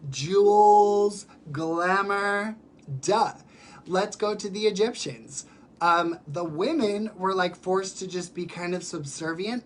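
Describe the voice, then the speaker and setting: Raspy, sick drag performer chatting. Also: male voice, high-pitched, a little hiss or hum. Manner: chatty and animated, with many fillers. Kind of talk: casual livestream chat. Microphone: phone or webcam for a live stream.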